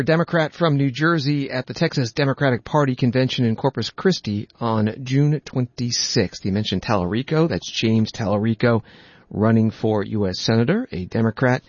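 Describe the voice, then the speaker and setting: A male broadcast host giving a plain, measured news recap. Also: mid-range voice, no echo, muffled recording.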